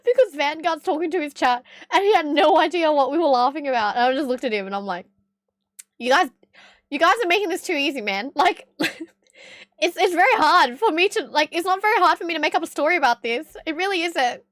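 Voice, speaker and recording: Young australian woman, high voice, rambling casual storytelling, dry close mic. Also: expressive, fairly quick, a bit bright, no echo. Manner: rambling, lots of fillers and laughter. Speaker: livestreamer.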